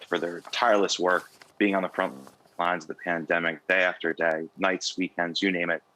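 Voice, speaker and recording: A young American man, an award honoree, answering interview questions in a measured, businesslike way. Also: deep voice, pushed and bright, poor audio. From United States. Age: young adult. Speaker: award honoree, port operations manager.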